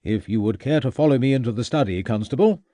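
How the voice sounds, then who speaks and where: A man's voice: mid-range voice, animated, quick pace, dark tone, no echo, natural voice. A man voicing a firm, proper Victorian clergyman.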